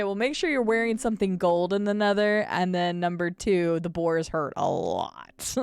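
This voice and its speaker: A woman's voice: fairly low pitch, clear, resonant tone. A woman streaming a game, chatting casually with her viewers and fellow players and laughing often. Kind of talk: casual gameplay stream chat.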